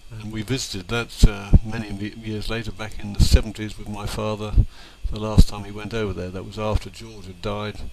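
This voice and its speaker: A man in his sixties, from England, narrating old family home movies in an unhurried, reminiscing way with fillers and small restarts. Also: fairly low pitch, flat delivery, gravelly, very noisy. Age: 60s.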